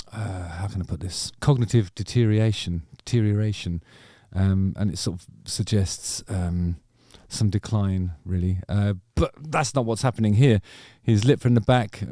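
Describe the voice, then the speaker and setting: A man's voice: on the low side, mellow, no room sound, studio quality. A man hosting a music channel, reacting to songs in a rambling, hesitant casual commentary full of ums.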